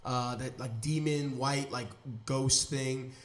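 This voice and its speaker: A man's voice: mid-range voice, steady tone, takes it slowly. A man hosting a podcast in casual chat, enthusiastic and rambling with slang. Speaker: podcast host.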